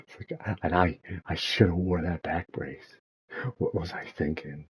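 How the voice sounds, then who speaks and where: A man rambling through casual commentary, profane and laughing often as he thinks out loud. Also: low-pitched, lo-fi sound, a little hiss or hum. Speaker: streamer.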